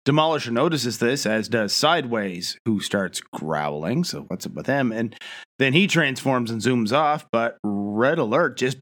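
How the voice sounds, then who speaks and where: A man's voice: medium pitch, lively intonation, measured pace, fairly bright tone. A man co-hosting a podcast, recapping a cartoon episode in casual, wry chat with frequent laughs. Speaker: podcast co-host.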